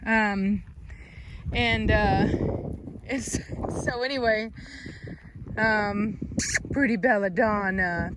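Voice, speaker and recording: Outdoors with her dogs, a woman who breeds them and hosts her own channel chats casually on her vlog, cooing baby talk at the dogs and calling them loudly. Her medium-pitched voice holds a steady tone, with drawn-out words and long pauses, in a noisy outdoor recording.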